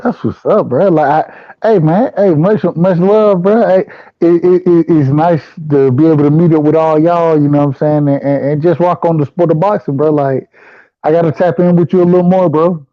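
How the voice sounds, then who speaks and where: A man hosting a boxing chat, hyped and stammering as he repeats words. His voice sits a bit high. It comes through a thin, tinny phone line, dry and close. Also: moderate pace, no room sound. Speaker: boxing show host. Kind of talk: casual chat.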